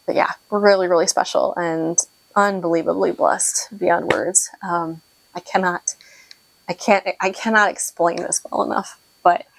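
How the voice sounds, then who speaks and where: A woman's voice: fairly low pitch, creaky, no room sound, low-quality recording. A woman hosting a knitting podcast, talking in a rambling, emotional way with lots of fillers. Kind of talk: casual vlog update.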